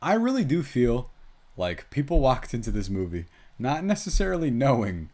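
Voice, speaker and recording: A young man co-hosting a casual movie review podcast, chatty and quick with asides, laughing often. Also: medium pitch, big pitch swings, mellow. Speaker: podcast co-host, film reviewer.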